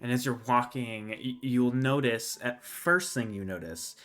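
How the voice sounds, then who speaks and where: A man narrating as dungeon master of a tabletop fantasy game. His voice has a bright, forward edge, and his pitch sits in an ordinary middle range. Faint music plays behind him. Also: unhurried.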